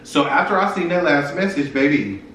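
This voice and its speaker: A man's voice: fairly high pitch, lively intonation, normal speed, a bit bright, distant mic, a little hiss or hum. A young man telling a personal story to his viewers in a frank, profane, casual way. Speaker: vlogger. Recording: echoey room, voice from off-mic.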